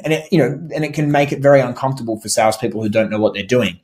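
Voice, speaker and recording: A man teaching sales calls in a relaxed, conversational way, often saying "like" and restarting phrases, and acting out how to phrase questions. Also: mid-range voice, fast. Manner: conversational, frequent "like" and restarts, demonstrates inflection. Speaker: sales trainer. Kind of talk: instructional talk over slides.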